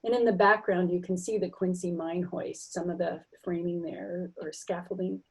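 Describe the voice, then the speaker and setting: A middle-aged woman gives an explanatory linguistics lecture. Her voice is warm and mellow with a slightly husky edge. She demonstrates example sounds aloud and fills pauses with the odd um. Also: lowish voice, fairly even intonation, low-quality recording. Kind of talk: recorded library lecture with slides.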